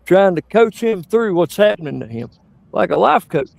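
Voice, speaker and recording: A middle-aged man doing stand-up, rambling through crude anecdotes and jumping into high yelps. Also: big pitch swings, normal speed, creaky, no echo. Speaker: stand-up comedian. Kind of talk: stand-up storytelling.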